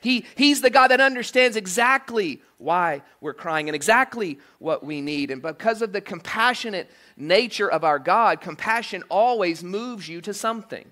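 A male pastor preaching a sermon in a church, animated and joking, with frequent asides like "okay?" and "right?". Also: high voice, normal speed, few pauses. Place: church sanctuary.

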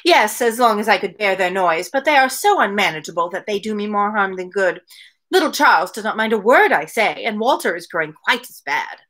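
A woman's voice: mid-range voice, animated, a little fast, a bit bright. A woman reading aloud and voicing a complaining, self-pitying young married woman. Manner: complaining, plaintive.

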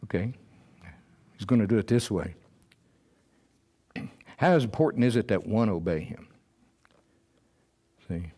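A man preaching a sermon in a church, acting out scared Bible figures in a high, strained voice. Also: a little mellow. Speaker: pastor. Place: church sanctuary.

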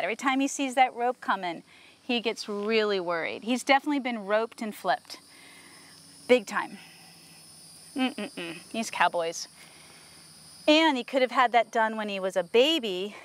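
A woman horse trainer working a horse outdoors, explaining to viewers and softly praising the horse as she goes. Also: on the high side. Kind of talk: instructional training video.

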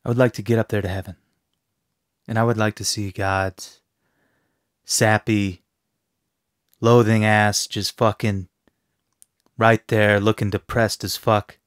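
A man's voice: lowish voice, level tone, a little slow, pauses often, clean tone, no echo, clean studio sound. Brash, profane male fitness trainer. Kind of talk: casual podcast interview.

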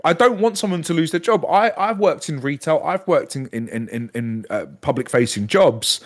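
A man's voice: fairly high pitch, lively intonation, moderate pace, few pauses. A man in his thirties, a podcast guest, telling a story in casual chat, swearing freely and acting out the other people's lines.

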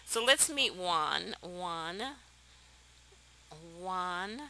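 A young woman talks her viewers through a life-sim game in casual commentary. Her voice is very bright and forceful, and her pitch bounces all over the place. She is chatty and excitable and often breaks into laughter. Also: drawn-out words, gravelly, smooth, rough recording. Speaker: let's play host.

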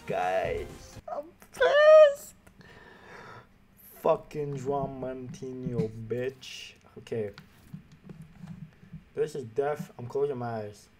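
A man commentating a game pack opening, frustrated and swearing, erupting into shouts now and then. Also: medium pitch, steady tone, slow, over music. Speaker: gaming YouTuber.

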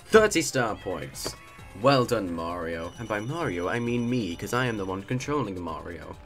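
A man's voice: lowish voice, expressive, moderate pace, a bit bright, soft background music. A man giving rambling, sarcastic commentary while playing a video game. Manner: sarcastic, rambling, self-mocking. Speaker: let's play commentator. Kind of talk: casual game commentary with voiced characters.

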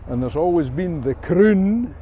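Slow-talking Scottish man giving a street tour. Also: on the high side, expressive, slight background noise. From Scotland. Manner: chatty, playful, given to quirky made-up words. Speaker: travel vlogger. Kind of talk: casual walking-tour commentary. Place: outdoors on a small-town high street with traffic. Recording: muffled lo-fi street recording.

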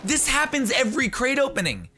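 A young man hosting a gaming video, excitable and jokey, bursting into shouts as he comments. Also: extremely high pitch, fairly quick, slight background noise.

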